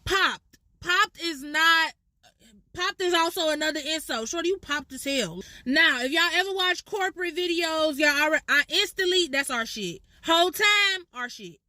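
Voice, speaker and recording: A woman with a Chicago accent, casually explaining slang in a playful, profane, animated way. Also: extremely high pitch, normal speed, no echo.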